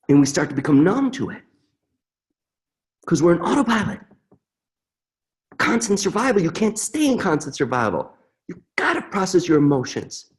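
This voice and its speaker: Earnest middle-aged male presenter, animated pitch, heartfelt and repetitive. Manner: earnest, emotive, repeats mantras. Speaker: webinar presenter. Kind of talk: emotional live demonstration.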